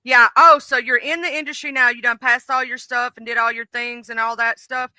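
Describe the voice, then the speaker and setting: A woman's voice: a little high, fairly even intonation, a little fast, bright, forceful tone, no room sound. A middle-aged woman hosting a live stream in casual, rambling chat, full of fillers and restarts. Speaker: livestream host.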